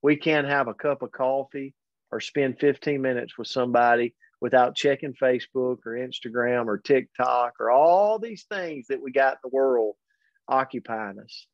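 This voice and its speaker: A man hosting a daily motivational pep talk, earnest and energetic, speaking directly to his audience. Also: medium pitch, normal speed, dry recording. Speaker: host and motivational coach. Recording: dull, lo-fi dry recording.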